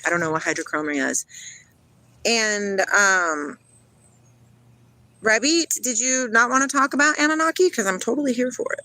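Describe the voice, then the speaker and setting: A woman's voice: a little high, moderate pace, pauses often, bright, forceful tone, poor audio. Woman livestreaming from a riverside. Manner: playful, dreamy and spiritual, reads out viewer comments. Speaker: livestream host. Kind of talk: casual livestream chat. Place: outdoors by a river.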